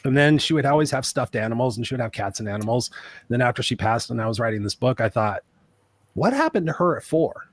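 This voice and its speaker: A man's voice: mid-range voice, steady tone, fast. A man in his fifties, a guest life coach in a casual panel discussion, telling a personal story earnestly and repeating phrases for emphasis. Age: 50s.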